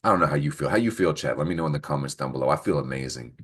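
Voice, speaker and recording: Deep-voiced goofy man hosting an astrology show. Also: racing, a bit bright, husky. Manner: goofy, swears freely, laughs a lot. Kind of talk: casual weekly astrology talk. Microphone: computer mic on a screen-recorded call.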